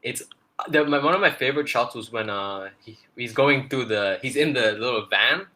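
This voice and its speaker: A man's voice: medium pitch, normal speed, pushed and bright. A man co-hosting a casual trailer breakdown, rambling with lots of fillers and restarts. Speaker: podcast co-host.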